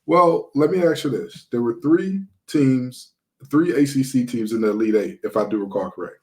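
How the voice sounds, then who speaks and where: A man's voice: mid-range voice, normal speed. A man from Detroit hosting a sports podcast, talking casually with sarcastic, mocking humor.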